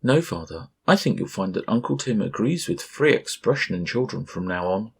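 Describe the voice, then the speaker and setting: A man's voice: fairly low pitch, sing-song, normal speed, husky, voice pushed up, exaggerated voice. A man voicing an imperious ten-year-old princess in a storybook reading, speaking in a mock-gracious, regal and precise way. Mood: icily firm.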